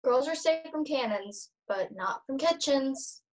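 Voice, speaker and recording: A witty young storyteller. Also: female voice, sits high, animated, unhurried, recorded from a distance, low-quality recording. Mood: wry. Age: teens. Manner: dry, teasing, storytelling. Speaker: student actor, storyteller.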